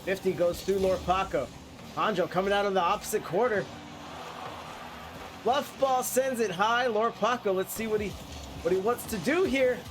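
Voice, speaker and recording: A man casting an esports match in excitable play-by-play style, sounding congested and nasal from a cold. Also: high-pitched, moderate pace, pauses often. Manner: excitable play-by-play with frequent restarts. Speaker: esports caster.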